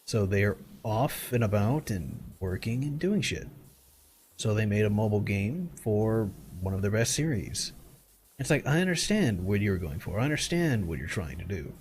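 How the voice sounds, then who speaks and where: A man's voice: lowish voice, sing-song, normal speed, darkish tone, slight background noise. A young adult man streaming from home, chatting casually and bluntly while gaming, swearing freely and rambling through his complaints.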